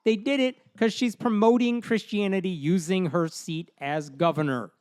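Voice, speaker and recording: A man hosting a podcast in casual discussion, talking in an animated, indignant way with blunt swearing. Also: high-pitched, moderate pace, no room sound, clean studio sound. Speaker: podcast host.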